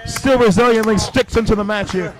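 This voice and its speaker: A man with a strikingly high voice calls a wrestling match blow by blow. He is excitable and bursts into shouted exclamations. Loud background noise runs under the whole recording. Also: fairly quick. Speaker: wrestling commentator. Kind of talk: live play-by-play commentary.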